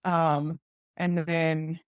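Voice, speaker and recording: An Australian woman in her thirties, a guest on a podcast, talks through her own story in a chatty, open way and slips into the voices of the people she quotes. Her voice sits on the low side, and the recording is dry and close, with no room sound. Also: level tone, very slow, clear, resonant tone, dry recording. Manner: chatty, laughs often, acts out quoted voices. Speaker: podcast guest, police detective. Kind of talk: candid personal storytelling.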